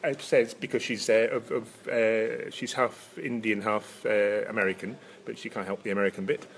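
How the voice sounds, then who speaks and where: A Scottish man with a Highland accent, chatting casually as a podcast co-host, rambling through restarts and chuckles. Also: fairly even intonation, normal speed, gravelly, fairly bright tone. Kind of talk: casual chat.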